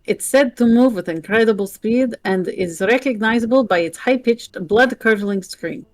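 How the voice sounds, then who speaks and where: A woman's voice: on the high side, moderate pace, no echo. A woman streamer reading game lore aloud and joking between passages. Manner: jokey, playful asides. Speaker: streamer playing a narrative game.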